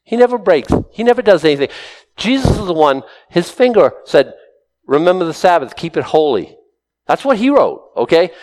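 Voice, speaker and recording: A man's voice: on the high side, long reverb tail, rough recording. A man preaching a sermon, telling stories animatedly with acted-out quotes. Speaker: pastor.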